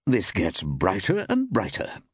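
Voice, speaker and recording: A man's voice: low voice, wildly swooping pitch, a little slow, slightly rough, no echo, studio quality, exaggerated voice. A man reading an audiobook voices a mild, polite, amused male novelist-detective. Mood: genial.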